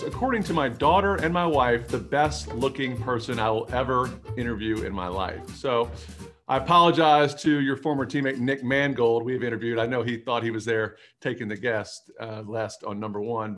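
A man's voice: medium pitch, normal speed, a bit bright, soft background music. A male podcast host in a mid-range voice keeps things loose and casual. He ribs his guest with a jokey, teasing manner between questions. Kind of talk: casual interview chat.

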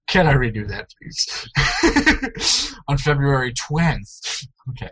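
Lively, husky-voiced young man co-hosting. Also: fairly high pitch, very slow, rough recording. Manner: laughs often, playful, recording intros with retakes. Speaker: podcast co-host. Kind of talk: casual chat.

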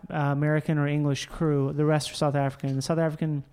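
Guy swearing a lot while telling travel stories, kinda high voice, animated. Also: fast, clean tone. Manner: storytelling, profane, animated. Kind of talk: casual chat.

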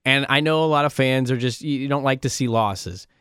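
A man's voice: medium pitch, normal speed, fairly bright tone, smooth, dry recording, studio quality. A man hosting a casual sports podcast, eager and talkative, reading listener questions aloud. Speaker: podcast host.

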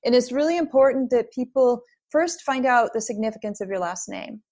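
A middle-aged woman being interviewed as an author, chatting in a lively, storytelling way and laughing often. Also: a little high, fairly quick. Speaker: guest author. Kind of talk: casual interview chat.

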